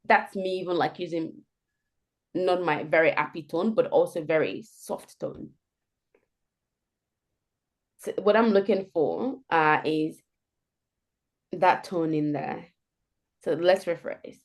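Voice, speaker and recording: Playful, animated woman coaching on a call. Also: lowish voice, unhurried. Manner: animated, playful, demonstrates answers aloud. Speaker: career coach. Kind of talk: live group coaching call.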